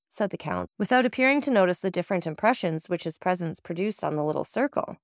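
A woman's voice: fairly low pitch, expressive, quick pace, few pauses, no echo, studio quality. Woman reading a classic novel aloud. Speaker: audiobook narrator. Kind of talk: scripted narration.

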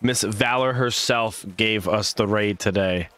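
A man's voice: fairly low pitch, a little slow, fairly bright tone, faint music behind. Hyped-up male game caster. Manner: hype, chatty, greets viewers mid-call. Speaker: stream host and caster. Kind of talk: live esports commentary.

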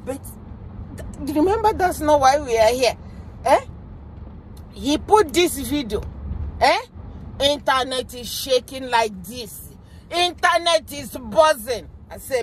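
Young Nigerian woman, bright high register, excitable driving vlogger, casual exclamatory commentary. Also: slow pace, pauses often, a little hiss or hum. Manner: chatty and exclaiming, drops into pidgin. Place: inside a car while driving.

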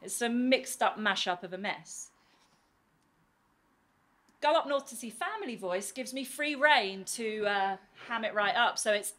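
A woman's voice: on the high side, expressive, fairly bright tone. Woman performing spoken word poetry. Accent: soft southern English. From northeast England. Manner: rhythmic, rhyming delivery with dramatic pauses. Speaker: poet and teacher.

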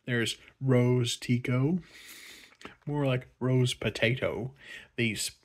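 A man's voice: medium pitch, steady tone, slow pace. A man rambling sarcastically through a casual movie review vlog. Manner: sarcastic, rambling, laughs often. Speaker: vlogger reviewing a film.

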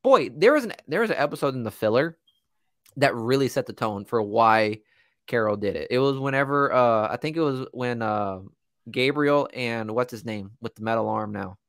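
A man's voice: mid-range voice, expressive, moderate pace, no echo, clean studio sound. A man co-hosting a casual chat show, joking and crude. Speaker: podcast co-host.

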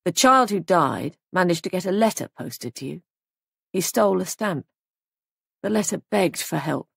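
A smug young man posing as a police sergeant, talking slowly with cold menace, as a woman narrator voices him. The voice sits low and gravelly with a husky edge. The recording is close and dry. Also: animated, dry recording, full character voice. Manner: slow, smug and coolly menacing.

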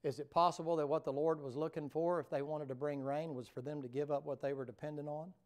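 A man's voice: a little high, steady tone, fast talker, a little mellow. A man preaching a revival sermon in a folksy, colloquial storytelling manner, talking directly to the congregation. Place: church sanctuary.

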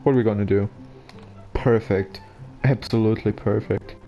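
Monotone man with a German accent. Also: on the low side, moderate pace, dull audio, loud music behind the voice. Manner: flat monotone, joking to himself. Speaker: gameplay commentator. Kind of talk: casual gaming commentary. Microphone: basic microphone.

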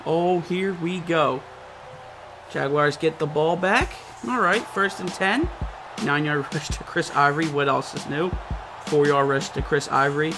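A young man giving excited, animated commentary over his own football video game, shouting and laughing at the big plays. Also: high voice, measured pace, music in the background. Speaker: gaming YouTuber.

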